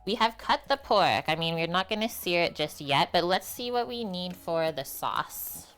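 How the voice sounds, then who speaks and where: Her voice is fairly low and a bit bright, with lively intonation at a moderate pace, over soft background music. She's a young, half-French livestream host cooking in her home kitchen, chatty and answering viewers' messages as she works.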